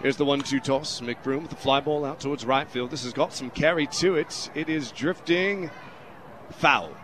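A man's voice: medium pitch, normal speed, background noise. A man calling a baseball game on the radio in a playful, mock-formal, put-on English accent. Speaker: radio play-by-play announcer. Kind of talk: baseball play-by-play commentary. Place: radio broadcast booth.

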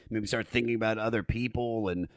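A man's voice: lowish voice, fairly even intonation, fast talker, dry recording, clean studio sound. A man hosting a podcast, chatting in a laid-back way and swearing casually. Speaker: podcast host.

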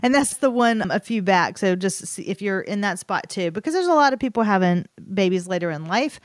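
A woman's voice: mid-range voice, a little fast, dry recording, clean studio sound. A pregnant esthetician in her forties co-hosting a podcast, chatting casually and reading an ad. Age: 40s. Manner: relaxed, chatty, spells out web addresses in the ad read. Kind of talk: casual podcast chat with ad read.

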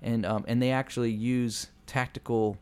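A man's voice: medium pitch, fairly even intonation, normal speed, darkish tone, clean tone. A man in his forties, a pastor and podcast co-host, chatting casually and acting out quoted voices in his stories. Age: 40s. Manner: rambling storyteller, acts out quoted voices.

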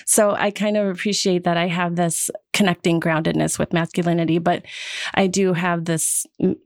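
A woman's voice: fairly low pitch, moderate pace, no room sound, clean studio sound. A woman in her fifties from Wisconsin, telling personal stories in a casual group talk and acting out the voices of people she quotes. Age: 50s. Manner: lively storyteller, acts out quoted voices. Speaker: podcast guest sharing her story.

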